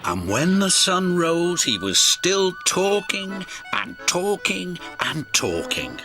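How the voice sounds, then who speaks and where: A man narrating a children's storybook in a slow read-aloud manner. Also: sits high, big pitch swings. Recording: music playing behind.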